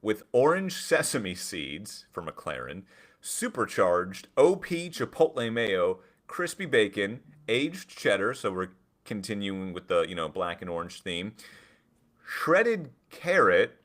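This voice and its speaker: A man co-hosting a casual podcast, chatting and reading things out loud with mock drama. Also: lowish voice, very animated, slow. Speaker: podcast co-host. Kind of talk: casual chat.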